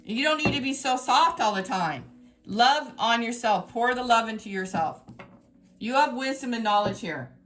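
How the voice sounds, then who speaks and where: A woman's voice: on the high side, moderate pace, slight background noise. Emphatic, exasperated woman tarot reader. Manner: emphatic, exasperated, swings between scolding and excited. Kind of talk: tarot reading to viewers.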